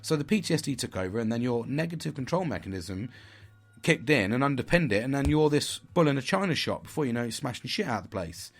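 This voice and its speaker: A man's voice: mid-range voice, expressive, fast talker. A middle-aged man giving a candid vlog monologue, blunt and frank, with heavy swearing. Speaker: vlogger.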